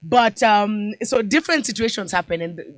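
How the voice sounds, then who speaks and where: A woman hosting a radio show in a studio, telling a story in a lively, animated way and mixing Swahili and slang into casual chat. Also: mid-range voice, a little fast, no echo, poor audio. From Kenya.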